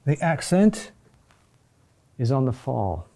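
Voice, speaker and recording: A man teaching a recorded lesson on chant rhythm, talking deliberately with pauses and "huh?" checks. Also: medium pitch, sing-song, dark tone.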